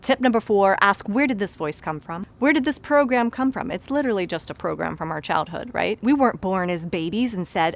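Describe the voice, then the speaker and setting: A woman's voice: mid-range voice, expressive, a little fast, creaky, hardly any pauses. A woman, a busy mother in her thirties, giving earnest, conversational self-help advice as a life coach. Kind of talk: motivational self-help talk.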